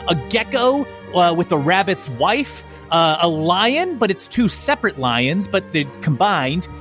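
A man's voice: high voice, sing-song, unhurried, fairly bright tone, soft background music. A man narrating a tabletop game as game master, describing scenes in a playful, vivid way.

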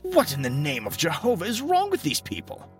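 A man's voice: a little high, huge pitch swings, fairly quick, over music, pitched above the performer's own voice. A man voicing a horrified, blustering visitor who bursts out indignantly in a horror story reading. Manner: indignant, choked outbursts.

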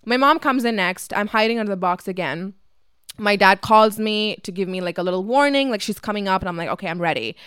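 A woman's voice: medium pitch, brisk, fairly bright tone, smooth, dry recording, studio quality. A young woman whose first language is Tamil, hosting a podcast and telling a story casually, swearing freely and saying "like" often. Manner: chatty and profane, heavy use of "like". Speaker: podcast host.

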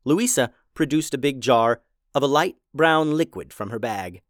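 A man narrating a children's story in an expressive, playful way. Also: medium pitch, normal speed, no echo, studio quality.

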